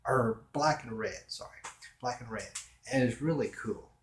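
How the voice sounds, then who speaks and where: A man's voice: medium pitch, normal speed, slight background noise. A man chatting casually in his own room, rambling with fillers and restarts as a vlogger. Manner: meandering, with many fillers and restarts. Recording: roomy echo.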